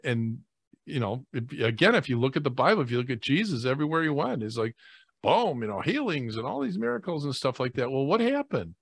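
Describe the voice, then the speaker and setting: A man, a priest, talking in a rambling, animated way with many fillers and restarts on a faith talk show. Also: medium pitch, husky, no room sound, studio quality.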